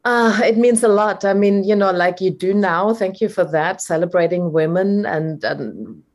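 A woman's voice: medium pitch, moderate pace, a little mellow. A woman voice coach talking as an interview guest, thoughtful and hesitant, with many fillers. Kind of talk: interview guest, reflective chat.

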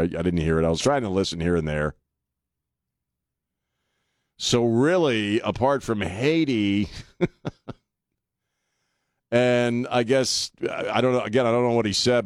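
A man's voice: on the low side, clear, resonant tone, no room sound. Male talk radio host, blunt and sarcastic, rambling monologue, dry close studio sound.

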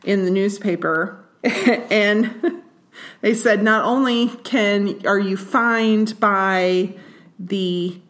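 A woman's voice: mid-range voice, drawn-out words, fairly bright tone. A woman co-hosting a podcast, chatting casually as she shares research findings and laughs as she explains them. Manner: laughs while explaining facts. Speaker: podcast co-host. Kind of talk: casual chat sharing research.

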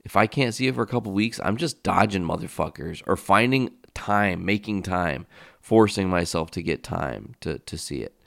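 A man's voice: sits low, lively intonation, normal speed, creaky, fairly bright tone, no room sound, clean studio sound. A man hosting a podcast, riffing casually and enthusiastically, with fillers and the odd swear word. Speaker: podcast host. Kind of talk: casual solo podcast talk.

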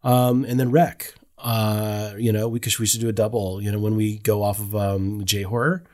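A man's voice: on the low side, flat delivery, moderate pace, a little mellow. A man co-hosting a casual horror movie podcast, talking enthusiastically and rambling with fillers. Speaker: podcast co-host.

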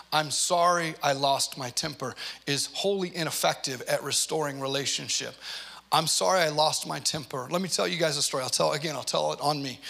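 A man preaching with a bright, forceful voice that sits a little high for a man. He moves between teaching and lively storytelling, tossing in playful asides to the congregation. He sounds like a pastor in his forties. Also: vocal fry. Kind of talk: sermon.

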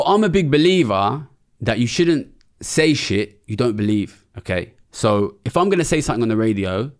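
A man speaks at a rapid clip, mid-pitched and blunt. He swears often and argues with raw conviction. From England. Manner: blunt, sweary and passionate, quick-fire. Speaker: economist and former trader, guest. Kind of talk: interview.

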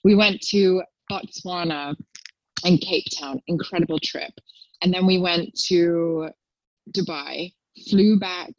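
A woman's voice: takes it slowly, lo-fi sound. Chatty young woman telling stories. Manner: chatty storyteller, acts out quotes in a high voice. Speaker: guest. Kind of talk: casual chat.

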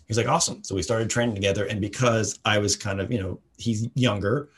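Man, husky low voice, casual podcast chat, animated storyteller. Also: fairly quick.

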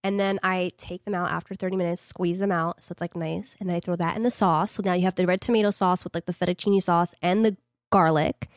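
A woman's voice: on the low side, no room sound, clean studio sound. A young woman with a New York accent chatting casually, rambling with plenty of fillers. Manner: rambling, animated, lots of fillers. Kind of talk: casual chat.

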